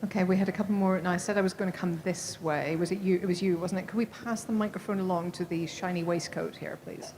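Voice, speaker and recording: A woman moderating a festival Q&A, briskly directing the microphone to the next questioner. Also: fairly low pitch, fairly even intonation, a little mellow, a little hiss or hum.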